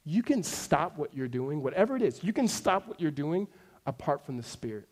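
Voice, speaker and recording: A man in his thirties preaching a sermon to his congregation in a conversational way, dropping to a hush and then rising to emphatic points. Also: a little high, very animated, normal speed. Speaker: pastor.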